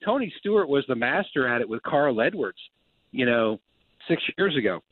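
A man's voice: mid-range voice, moderate pace, no room sound. Man talking racing over a tinny line. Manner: animated storyteller, acts out quotes. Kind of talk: casual sports talk. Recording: dry tinny phone-like sound.

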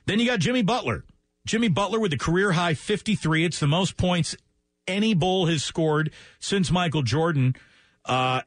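A man hosting a sports radio show, running through scores in a brisk, joking, chatty way and taking calls in a studio. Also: mid-range voice, no echo.

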